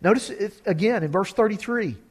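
A man's voice: high voice, brisk, husky. A man preaching a sermon, reading scripture with earnest urgency.

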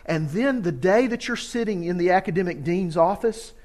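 A man's voice: sits high, expressive, normal speed, darkish tone. Earnest man preaching a sermon. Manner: earnest, urgent scripture reading.

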